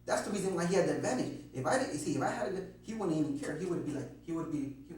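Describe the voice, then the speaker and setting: Man rambling fast in an echoey room. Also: on the high side, expressive, darkish tone. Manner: rambling, swearing, many restarts. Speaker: informant being questioned. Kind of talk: nervous rambling account. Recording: very echoey room, distant mic, faint hum.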